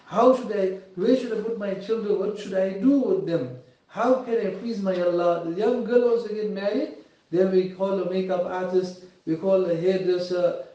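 A man's voice: high-pitched, warm tone. A man preaching an earnest, pleading sermon with English, recorded from a distance in a mosque hall. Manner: earnest, pleading, rising and falling emotion. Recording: echoey hall from far off, dull lo-fi.

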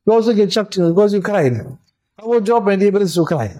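Male mufti, sermon delivery, high-pitched voice, fervent and repetitive. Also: a little fast, mellow, poor audio. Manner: impassioned, repetitive exhortation. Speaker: mufti preaching.

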